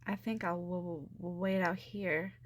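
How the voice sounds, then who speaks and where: A woman's voice: fairly low pitch, steady tone, a little slow, slight background noise, close to an everyday voice. A woman voicing a timid, nervous little male fish who stutters, in a storybook reading. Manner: stuttering, hesitant. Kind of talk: storybook read-aloud.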